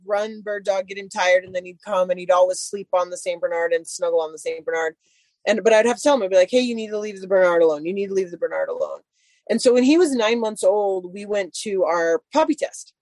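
A woman's voice: medium pitch, fairly quick, a little mellow, dry recording. A woman chatting casually and telling a long story about her dogs, full of "like" fillers. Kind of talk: casual chat.

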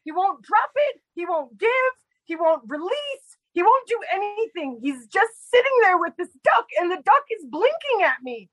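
A woman's voice: very high voice, sing-song, moderate pace, hardly any pauses, a bit bright, no echo, pitched above the performer's own voice, full character voice, low-quality recording. A woman putting on the voice of a panicked woman stuck with a stubborn dog, rambling frantically and breathlessly. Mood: frantic.

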